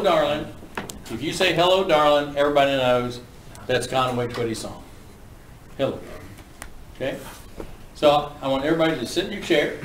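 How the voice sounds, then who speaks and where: A man lecturing a class on auctioneering in a folksy, brisk, joking manner. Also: medium pitch, noisy background. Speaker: auctioneering instructor. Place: classroom with students. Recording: echoey room from a distance.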